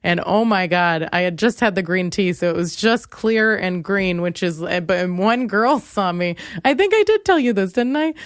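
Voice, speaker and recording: A woman's voice: medium pitch, moderate pace, hardly any pauses, no echo, clean studio sound. Woman telling a comic breakup story. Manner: animated, acts out voices in quotes, laughs often. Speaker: podcast host. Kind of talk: comedic storytelling monologue.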